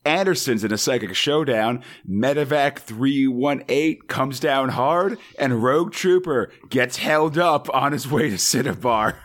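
An American man with a sick, slightly hoarse voice, co-hosting a casual podcast and joking around with a friend. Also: mid-range voice, a bit bright. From United States. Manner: joking, rambling, quick asides. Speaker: podcast co-host.

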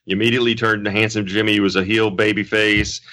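A man's voice: on the low side, flat delivery, quick pace, bright, forceful tone. A man co-hosting a podcast, chatting casually and rambling with many restarts. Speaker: podcast co-host. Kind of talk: casual chat.

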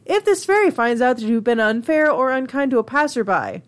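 A woman's voice: a little high, very animated, fairly quick. A woman casually reading fairy lore aloud, giggling and riffing with swearing between passages. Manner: giggly, reads then riffs with swearing.

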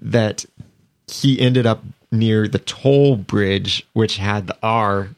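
A man's voice: fairly low pitch, slow. A man co-hosting a casual podcast chat, recapping scenes in detail. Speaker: podcast co-host.

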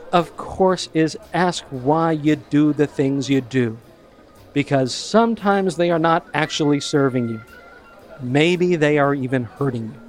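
A man with a fairly high voice telling a story to an audience, wry and conversational, leaning on key words. Faint music plays softly behind him. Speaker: speaker. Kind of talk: storytelling talk.

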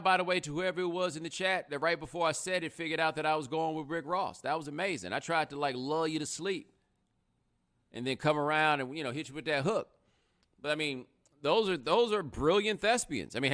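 A young adult man hosting a live podcast, chatting casually with a sarcastic, animated delivery. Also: fairly quick. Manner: animated, sarcastic, rising pitch when joking. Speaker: podcast host. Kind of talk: casual live-stream commentary.

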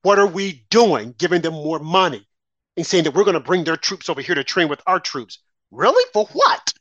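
A man hosts a talk show and delivers a heated political monologue, firing off rhetorical questions with indignant emphasis. His voice sits fairly high. The sound is dry and slightly dull. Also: a little fast, fairly bright tone, no echo.

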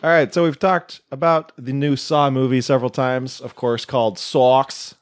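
A man's voice: mid-range voice, flat delivery, normal speed. A man co-hosting a horror podcast, bantering and joking while relaying news items with plenty of fillers. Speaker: podcast co-host. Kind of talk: casual chat.

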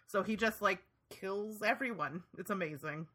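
Bright-voiced gushing woman host. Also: medium pitch, normal speed. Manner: gushing, laughing, lots of "like". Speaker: podcast host. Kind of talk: casual chat.

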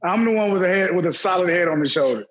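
Man, podcast co-host, high voice, laughs a lot, casual. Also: lively intonation, fast, a little hiss or hum. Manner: laughs often, swears freely. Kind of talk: casual chat.

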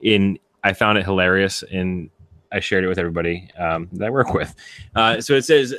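A man with a fairly low voice co-hosts a casual chat podcast and reads an article aloud, tripping into restarts and chuckling as he goes. His voice is recorded dry, with no room sound, on a home microphone on a call. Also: fairly bright tone, dry recording. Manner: halting restarts, chuckling while reading. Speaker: podcast co-host.

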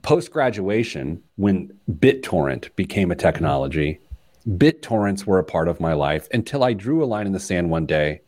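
A low-pitched man in his forties hosts a personal finance podcast at a moderate pace. His talk is casual, with lively storytelling, plenty of laughter, and rambling tangents.

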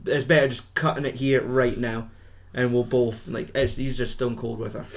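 A man hosts a podcast, recapping a film in a loose, rambling way. His voice sits in an ordinary middle pitch. He swears freely and laughs between lines. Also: little pitch movement, moderate pace. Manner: rambling, profane, laughs often. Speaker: podcast host. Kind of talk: casual film recap chat.

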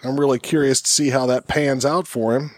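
A man's voice: mid-range voice, steady tone, a little fast, dry recording, clean studio sound. A man in his thirties hosting a casual podcast, joking, laughing often and rambling with restarts. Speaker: podcast host.

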